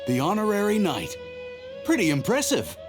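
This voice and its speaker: A man's voice: high-pitched, sing-song, moderate pace, over music. An actor playing a jovial, admiring male sailor in a video game.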